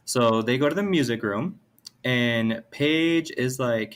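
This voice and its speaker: A man's voice: mid-range voice, a little slow. A man in casual podcast chat, reacting to a story and picking up the recap himself. His intonation rises and falls widely. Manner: expressive, reacts with short remarks and laughs. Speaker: podcast co-host.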